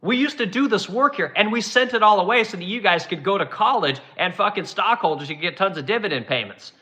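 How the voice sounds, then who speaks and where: A man from Oregon delivers a sarcastic, profanity-laden rant on his channel. His voice sits a little high and rings bright and forceful. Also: expressive, fairly quick. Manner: exasperated, heavily profane, sarcastic. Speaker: channel host. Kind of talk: profane ranting commentary.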